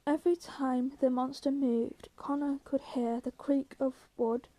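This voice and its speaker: A woman reading a novel aloud as an audiobook reader, telling the story in a steady, measured way. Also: high-pitched, rough recording.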